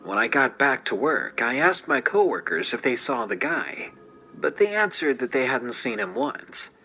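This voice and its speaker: Gravelly man narrating a scary story. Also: medium pitch, very animated, moderate pace, pushed and bright, soft background music, poor audio. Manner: dramatic, drops into whispers. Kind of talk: scripted horror story narration.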